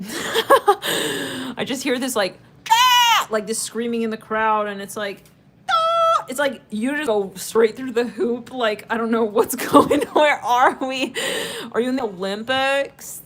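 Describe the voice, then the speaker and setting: A woman with a fairly high voice reads tarot for her viewers at a measured pace, against background noise. Her manner is casual, chatty and rambling, with plenty of fillers and abrupt laughter.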